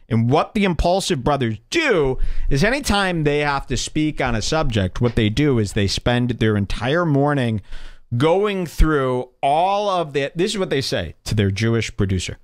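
A man's voice: mid-range voice, sing-song, moderate pace. A man hosting a podcast, delivering a rambling, mock-serious comedic monologue with sarcastic, theatrical swings in his voice. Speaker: podcast host.

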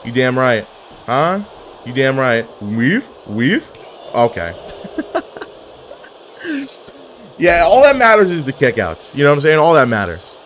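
A young man streaming a wrestling video game, giving excitable, trash-talking commentary that swings from mumbling to yelling. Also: mid-range voice, measured pace, pauses often, noisy background. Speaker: gaming streamer. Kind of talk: live gameplay commentary.

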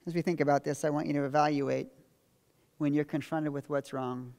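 A man preaching a sermon as pastor, telling a Bible story and moving between emphatic quotes and quiet confession. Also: fairly high pitch, level tone, fairly quick, vocal fry. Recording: long reverb of a large hall.

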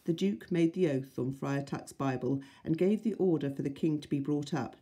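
Woman, teacher, reading a children's book aloud, friendly, expressive, mellow, breathy. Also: sits low, moderate pace.

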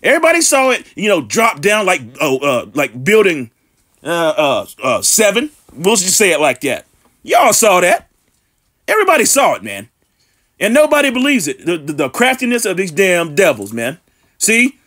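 A man's voice: high voice, wildly swooping pitch, moderate pace, a bit bright. A man preaching an online sermon from home, reading scripture aloud and breaking in with emphatic rhetorical questions and street slang.

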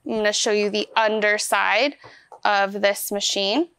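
A woman's voice: medium pitch, steady tone, measured pace, a bit bright, slight background noise. A woman giving a hands-on product demonstration, explaining each step in an upbeat, chatty way. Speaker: vacuum store product demonstrator.

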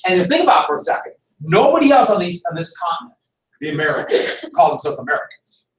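A man's voice: high-pitched, sing-song, fast, noisy background. A man teaching a history class, lecturing emphatically and firing rhetorical questions at the students. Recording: echoey room, from far off.

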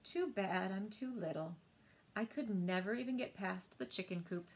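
A woman voicing a tiny, dreamy and bold little female lamb in a read-aloud storybook, with an excited, wide-eyed manner. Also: medium pitch, normal speed, voice pushed down, lightly acted. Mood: wistful. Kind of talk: storybook reading.

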